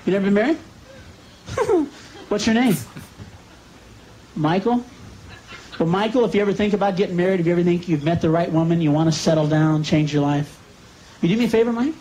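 A man's voice: high voice, lively intonation, normal speed, pauses often. A man doing a stand-up routine with explosive delivery, breaking into screams. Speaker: stand-up comedian. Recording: live club tape with loud crowd and hiss.

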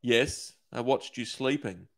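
A man voicing a calm, obsessive middle-aged male kidnapper who speaks flatly and matter-of-factly. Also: medium pitch, slow pace. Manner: flat, matter-of-fact.

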